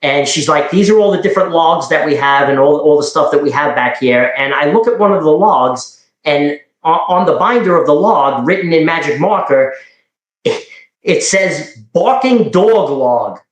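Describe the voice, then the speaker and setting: A man's voice: fairly high pitch, normal speed. Echoey man telling cop stories. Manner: rambling, animated, with frequent restarts and quoted dialogue. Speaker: podcast guest telling police stories. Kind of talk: casual storytelling.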